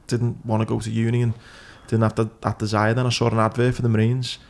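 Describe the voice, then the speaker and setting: A man hosting a podcast, relaxed and swearing freely as he chats. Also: on the low side, fast talker, gravelly. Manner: relaxed and sweary, calls people "mate". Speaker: podcast host. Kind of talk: casual chat.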